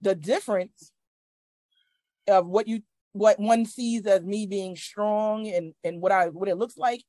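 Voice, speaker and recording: A woman's voice: mid-range voice, steady tone, measured pace, mellow, no room sound. A middle-aged woman, a guest on a podcast, speaks earnestly about her faith over a video call, often restarting her sentences. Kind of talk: casual conversation.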